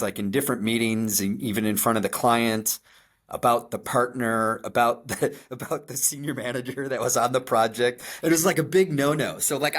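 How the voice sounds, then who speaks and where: Speaking in a mid-range voice with a Chicago accent, a middle-aged podcast co-host from Chicago tells stories conversationally. He's animated, self-deprecating, and keeps restarting his sentences.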